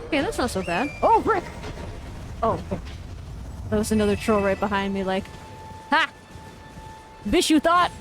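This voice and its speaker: A woman in her thirties from the United States, streaming a game live, jumping from sudden high squeals of surprise into relaxed chatty talk with her viewers. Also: moderate pace, pauses often, music in the background, poor audio. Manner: excitable, squeals and exclaims at game events, then chats casually. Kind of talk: live gameplay commentary.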